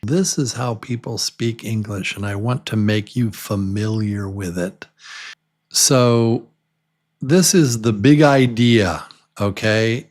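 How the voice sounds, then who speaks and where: A man's voice: on the low side, slow pace, a little mellow. A man teaching English pronunciation to beginners, patiently repeating each word many times for learners to copy. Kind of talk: slow beginner pronunciation lesson.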